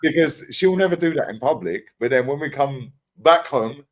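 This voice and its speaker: A man in casual podcast chat, telling animated stories full of slang and swearing and acting out what others said. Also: medium pitch, normal speed. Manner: animated storytelling, acts out quotes, swears freely, lots of slang. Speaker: podcast co-host.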